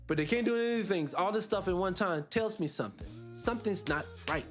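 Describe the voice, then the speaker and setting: A man with a high voice holds forth as host of a morning reaction show, chatting loosely and dropping sarcastic asides. He keeps turning to address his viewers directly, with faint music playing underneath. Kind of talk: reaction commentary.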